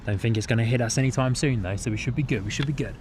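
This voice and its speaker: A man's voice: mid-range voice, rapid-fire, darkish tone, slight background noise. Chatty man with a Kiwi-tinged accent. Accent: New Zealand-tinged English. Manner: chatty, often repeats his own phrases. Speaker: plane-spotting livestream host. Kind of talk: live casual commentary, reading chat. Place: outdoors beside an airport.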